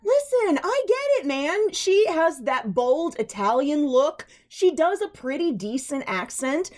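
A woman co-hosts a casual film commentary podcast with bubbly excitement. Her voice is high and swoops widely as she gushes and laughs along. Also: a little slow. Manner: excitable, gushing, laughs often. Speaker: podcast co-host. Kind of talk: casual movie commentary chat.

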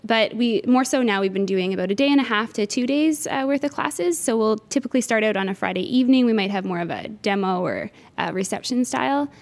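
A woman's voice: a little high, lively intonation, a little fast, few pauses. Enthusiastic woman guest from Newfoundland. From Newfoundland, Canada. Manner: enthusiastic, warm, chatty with filler uhs. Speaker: guest, cooking school organizer at a resort. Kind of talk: conversational interview answers.

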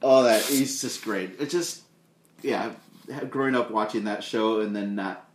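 Speaking in a lowish, unhurried voice, a podcast co-host retells movie scenes in a casual review chat. He acts out the lines with animation, and the space sounds echoey.

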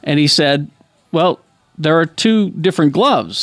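A man's voice: a little high, animated, a little slow, fairly bright tone, dry recording. Chatty man hosting with lots of fillers. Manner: reads out news with frequent fillers. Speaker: podcast host. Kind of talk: casual chat.

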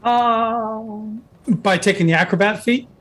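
A man's voice: sits high, slow pace, a bit bright. A man narrating a tabletop game as game master, rambling with fillers and restarts.

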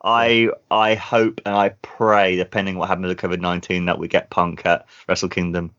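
Low-voiced man, enthusiastic chat. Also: little pitch movement, normal speed, a bit bright. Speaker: podcast co-host. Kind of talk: casual chat. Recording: dull lo-fi sound.

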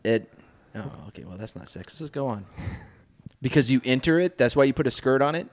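A young man co-hosting a comedy podcast, trading sarcastic quick interjections in casual banter. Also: mid-range voice, animated. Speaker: podcast co-host.

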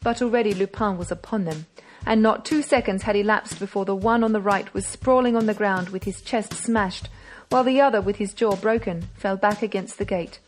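A woman reads a classic novel aloud in a measured, dramatic way. Her voice sits mid-range for a woman, and faint music hums behind it. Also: medium pitch. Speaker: audiobook narrator. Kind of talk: audiobook narration.

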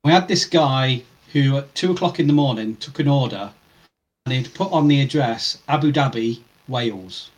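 A man co-hosting a casual gaming podcast, an animated storyteller who swears freely. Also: mid-range voice, moderate pace, low-quality recording. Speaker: podcast co-host. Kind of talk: casual chat.

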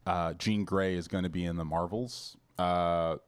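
A man co-hosting a podcast in casual chat, animated, swearing and rambling with restarts. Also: sits low, measured pace, smooth. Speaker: podcast co-host.

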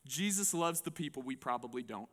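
A man preaching a sermon to a congregation in an animated, conversational way. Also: mid-range voice, brisk. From United States. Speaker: pastor. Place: church before a congregation.

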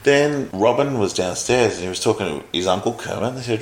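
A man's voice: mid-range voice, fairly quick, few pauses. Casual man in an echoey room. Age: adult, older than in childhood. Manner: relaxed, wry, plain-spoken, swears casually. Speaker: podcast co-host reviewing a film. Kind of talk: casual conversational review. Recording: echoey room with faint background noise.

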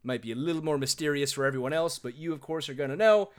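A man hosting a podcast in casual chat, animated, laughing often and rambling. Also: a little high, fast, clean tone. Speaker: podcast host.

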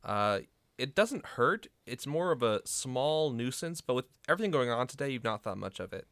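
Game master, man, smooth dry voice, casual with fillers. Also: mid-range voice, sing-song, normal speed, a bit bright, dry recording. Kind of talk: narrating a tabletop game.

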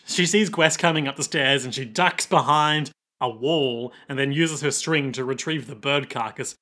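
A man's voice: mid-range voice, moderate pace, pushed and bright. A man co-hosting a podcast, recapping a show with a playful, giggly manner. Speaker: podcast co-host. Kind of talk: casual comedic recap.

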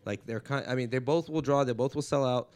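A man's voice: mid-range voice, a little fast, a little mellow, clear, resonant tone. A comedian from Los Angeles hosting a podcast, a man rambling through casual stories in a profane way.

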